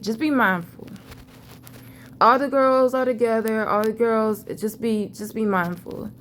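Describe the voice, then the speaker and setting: A woman's voice: medium pitch, slight background noise. A woman vlogger, telling a rambling, profane, emphatic story about a vision. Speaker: spiritual vlogger. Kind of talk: casual storytelling monologue.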